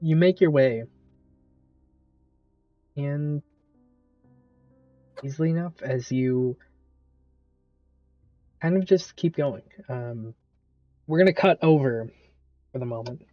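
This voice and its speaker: A man running a tabletop game as game master, narrating in a relaxed, halting way. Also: mid-range voice, no room sound, dull audio, soft background music. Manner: relaxed, hesitant with fillers.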